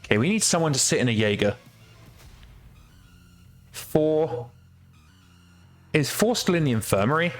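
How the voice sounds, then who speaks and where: A man's voice: a little high, big pitch swings, measured pace, long pauses, faint music behind. A man streaming a video game, chatting casually, swearing freely and laughing at his own mistakes. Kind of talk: casual let's-play commentary.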